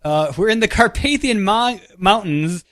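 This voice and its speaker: A man's voice: high-pitched, animated, measured pace, fairly bright tone, no room sound. A man co-hosting a casual podcast, recapping stories with dry, wry humor. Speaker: podcast co-host.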